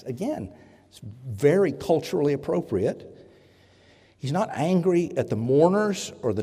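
A man preaching a sermon, earnest and deliberate, pausing often and correcting himself as he goes. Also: on the high side, dark tone. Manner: earnest, with pauses and self-corrections. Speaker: pastor. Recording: reverberant hall.

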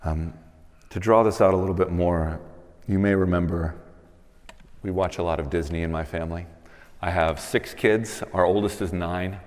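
Male pastor, 30s, low voice, reverberant sanctuary; storytelling sermon rising to emphatic calls. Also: steady tone, normal speed, pauses often, a little mellow. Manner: storytelling, building to emphatic appeals. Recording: long reverb of a church hall.

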